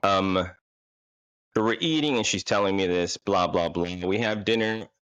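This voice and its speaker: A man's voice: deep voice, normal speed, a bit bright, clean tone, dry recording, highs cut off. A man telling a casual, rambling, self-deprecating story about a bad date, full of fillers and restarts.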